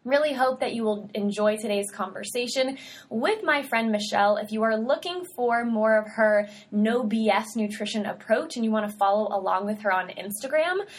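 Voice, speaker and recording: A young woman with a fairly high voice hosts her own podcast solo. She is a dietitian and talks in an upbeat, chatty way, full of casual slang. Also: normal speed.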